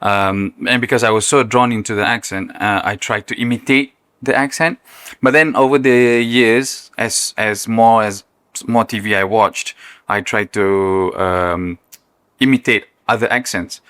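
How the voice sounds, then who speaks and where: Bright-voiced Malaysian man, laughing often. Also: fairly low pitch, measured pace, smooth, no echo. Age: young adult. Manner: animated, laughs often, mimics accents. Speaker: guest, content creator. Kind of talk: casual interview chat.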